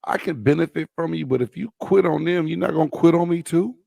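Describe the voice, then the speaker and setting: A man's voice: a little high, quick pace, creaky, dark tone, dry recording, clean studio sound. A man co-hosting a casual sports debate show, blunt and emphatic, swearing casually.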